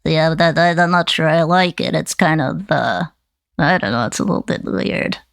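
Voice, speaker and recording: A woman voicing a gruff, wisecracking male hand-puppet duck with a stuffy, nasal voice like a head cold. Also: deep voice, normal speed, no room sound, studio quality. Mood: puzzled.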